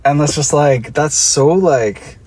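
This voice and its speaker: Playful and chatty, this Australian streamer talks to his audience from the car and answers what they type. His fairly high voice is slow with a darkish, breathy edge, and there's no echo.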